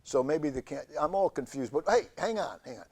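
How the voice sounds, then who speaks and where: A man hosting a community TV show, telling a rambling comic monologue in a halting deadpan way with many fillers. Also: on the high side, husky. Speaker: show host. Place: community TV studio.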